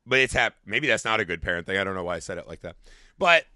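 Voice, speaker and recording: A middle-aged man co-hosting a podcast in casual, animated chat, swearing and laughing as he acts out quotes. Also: sits low, fast talker. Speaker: podcast co-host.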